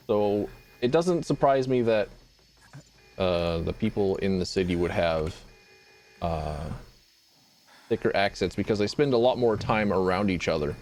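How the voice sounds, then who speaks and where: A man streaming a game, rambling casually and jumping into excited high yelps. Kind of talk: let's play commentary.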